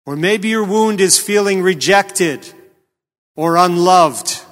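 A man delivers a sermon in a slow, deliberate voice, pitched a bit high for a man. His tone is earnest and questioning, and he leans hard on key words. A long reverb trails each phrase. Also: a bit bright. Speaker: preacher.

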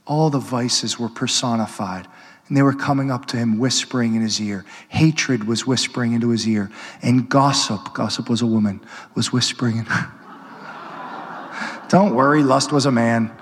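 A man, a Catholic priest, preaching a sermon with passion, building to loud urgent peaks and dropping to hushed, intimate pleading. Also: mid-range voice, measured pace. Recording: long hall reverb.

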